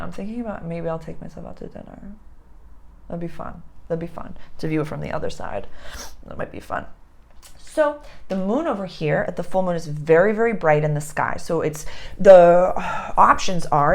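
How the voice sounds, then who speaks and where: A woman's voice: lowish voice, gravelly. A young adult woman astrologer giving a casual lesson, chatty and repeating her phrases.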